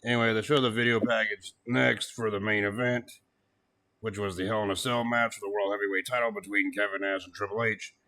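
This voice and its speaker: A man in casual chat reviewing an old wrestling event, animated, cursing freely and laughing as he mimics what people said. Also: on the low side, brisk. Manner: animated, swears, laughs often, mocks quotes. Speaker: podcast co-host.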